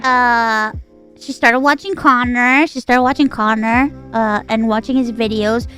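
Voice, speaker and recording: A woman streamer in casual livestream chat, animated and giggly with dramatic outbursts. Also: on the high side, unhurried, faint music behind.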